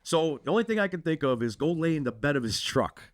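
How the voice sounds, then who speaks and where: A man from Connecticut, a podcast co-host telling a personal story in a profane, animated way. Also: a little high, fast.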